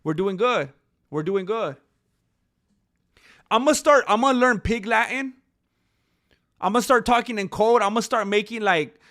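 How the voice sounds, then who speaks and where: Bright high-voiced man hosting a livestream. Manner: playful, joking, reads chat names aloud. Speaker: livestream host. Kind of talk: casual livestream chat.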